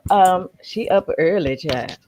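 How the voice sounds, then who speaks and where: A woman's voice: lowish voice, takes it slowly, a little hiss or hum. A woman from Texas, co-hosting a casual video-call chat and telling stories, calling people honey and child. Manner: expressive storyteller, calls people honey and child. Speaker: co-host. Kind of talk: casual live-stream chat.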